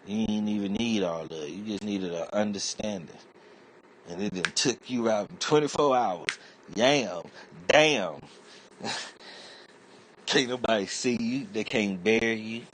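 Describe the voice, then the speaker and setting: Speaking at a moderate pace from deep in his chest, an internet comedian wanders through a profane, rambling comic rant. He sounds offhand and streetwise, with a faint hum of noise under his voice.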